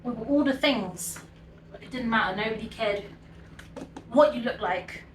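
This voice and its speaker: A British woman in her thirties hosting a home cooking show, reminiscing in a relaxed, rambling way and laughing often. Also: fairly high pitch, moderate pace, distant mic, a little hiss or hum. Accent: British English. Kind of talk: chatty reminiscing while cooking. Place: home kitchen. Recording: echoey kitchen, mic set back.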